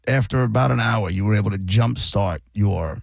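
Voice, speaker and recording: A man's voice: on the low side, moderate pace, gravelly, no room sound, studio quality. A man hosting a casual chat, teasing his guest with crude jokes.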